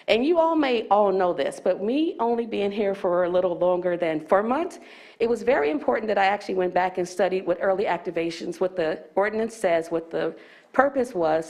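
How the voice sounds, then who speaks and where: Presenting at a public board meeting, this county staff woman has a medium-pitched, slightly mellow voice. She explains the ordinance rules a little out of breath, reading legal text aloud with small restarts.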